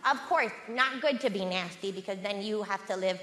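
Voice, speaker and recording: A woman from Latin America doing stand-up about her unusually high voice, deadpan one moment and bursting out the next. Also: fairly quick. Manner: high, distinctive voice she jokes about, deadpan then bursting out. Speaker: stand-up comedian. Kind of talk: stand-up routine. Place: large theatre stage. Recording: echoey hall with loud crowd noise. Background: audience laughter.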